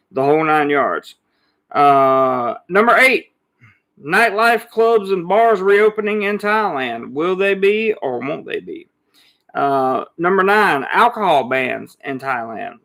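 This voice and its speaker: Male livestream host, slightly high, gravelly voice, chatty and loose. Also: a bit bright. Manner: greets viewers by name, chatty. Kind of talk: casual live chat. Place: Thailand.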